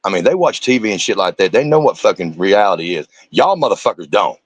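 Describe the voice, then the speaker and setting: A man's voice: deep voice, big pitch swings, quick pace, husky, no room sound. A man, a streamer giving angry, profane reaction commentary and confronting the people in the clips.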